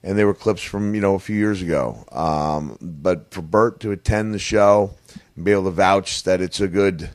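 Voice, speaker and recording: A middle-aged man spinning stories in a relaxed podcast chat, slipping into little acted voices for the people he quotes. His voice sits a touch low and sounds dry and close, with no room around it. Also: moderate pace, no room sound. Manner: animated storyteller who acts out quoted voices. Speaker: podcast guest, wrestler. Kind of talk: casual storytelling chat. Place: hotel room.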